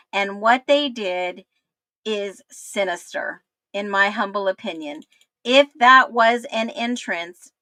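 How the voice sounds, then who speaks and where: A woman hosting a livestream, exclaiming in disbelief and talking straight to her viewers, her voice going hoarse. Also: mid-range voice, pushed and bright, no room sound. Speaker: livestream host. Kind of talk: excited livestream commentary.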